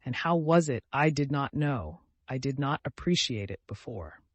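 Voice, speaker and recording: A man voicing a gentle, feverish dying young man who talks tenderly and with rapture, in an audiobook. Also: mid-range voice, expressive, moderate pace, no echo, lightly acted. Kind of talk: audiobook character voice.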